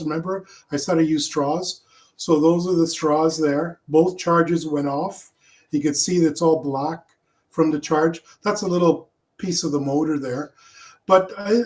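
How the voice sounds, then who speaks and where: A man presenting his rocket launch slides in a casual talk over a video call, halting often with fillers and restarts. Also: fairly high pitch.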